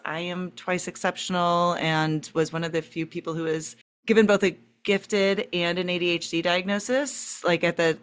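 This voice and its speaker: A woman in her forties from the St. Louis area, a counselor talking as a podcast guest, chatty, laughing easily and thinking aloud. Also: on the low side. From St. Louis area, USA. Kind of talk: casual podcast interview.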